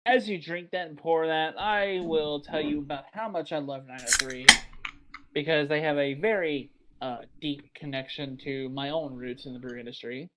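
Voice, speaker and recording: A man's voice: fairly high pitch, moderate pace, noisy background. Texas guy rambling on a beer podcast, chatty, cusses casually. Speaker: podcast host. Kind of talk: casual chat.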